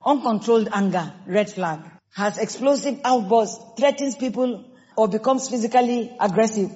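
A woman pastor with a Nigerian accent preaching a sermon, emphatic and lively, acting out quoted people. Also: a little high, normal speed. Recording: dull sound with long hall reverb.

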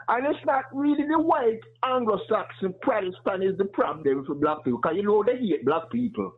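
A fervent man calling in over a tinny phone line. His voice sits high for a man and has a husky edge. He presses his points hard, then settles into a long question. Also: animated, moderate pace. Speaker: caller. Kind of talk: impassioned call-in commentary.

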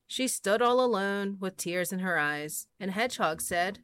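Expressive woman reading picture books aloud. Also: medium pitch, unhurried, hardly any pauses, clear, resonant tone. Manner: expressive, sing-song storybook reading. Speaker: storyteller.

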